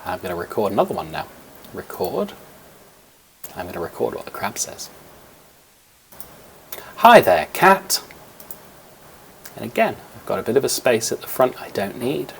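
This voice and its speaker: A man's voice: on the low side, sing-song, a little fast, gravelly, a little hiss or hum. A man teaching young children a coding lesson over a screen recording, explaining step by step in a patient way, with fillers, into a computer microphone.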